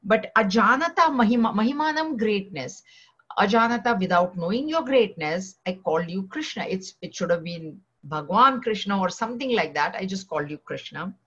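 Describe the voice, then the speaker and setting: A woman leading a verse-by-verse scripture class, chanting each verse slowly before explaining it in a loose, conversational way with frequent fillers. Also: medium pitch, animated, a bit bright, breathy edge, muffled recording. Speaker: scripture teacher.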